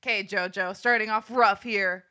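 A woman's voice: medium pitch, steady tone, normal speed, sharp tone. A woman co-hosting a podcast who leads the segments in casual chat and laughs often. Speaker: podcast co-host.

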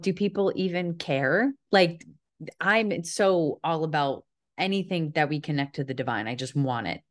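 A woman podcaster and yoga teacher talks in a relaxed, chatty way. Her voice sits a little low, and she rambles with earnest enthusiasm. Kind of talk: casual conversation.

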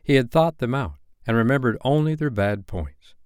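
A man reading a bedtime story aloud as a storyteller, with an expressive, animated delivery. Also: medium pitch, moderate pace, clear, resonant tone, no echo, clean studio sound.

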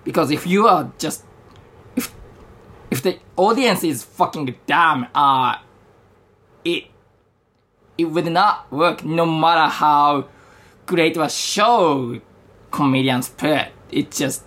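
A man, a stand-up comedian guest, talking in a measured, halting way with many restarts. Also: fairly high pitch, a bit bright. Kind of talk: casual interview chat.

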